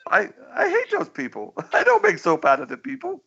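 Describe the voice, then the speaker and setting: A radio host putting on a shrill, indignant dictator who spits out broken, clipped phrases and leaps up into a squeaky register. His voice swings wildly and sounds muffled and lo-fi. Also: huge pitch swings, moderate pace, creaky, sharp tone, exaggerated voice. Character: shrill ranting murderous male dictator.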